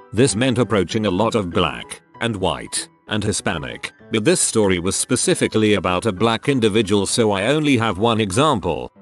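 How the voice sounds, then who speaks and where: Guy narrating reddit-style stories, lowish voice but bouncy delivery, soft music under it. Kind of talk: scripted narration of online posts. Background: faint background music.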